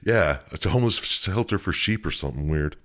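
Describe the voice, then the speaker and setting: Very low male voice, podcast co-host, giggly recap with quick silly character voices. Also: expressive, a bit bright. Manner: laughs often, retells with quick silly voices. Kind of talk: casual chat.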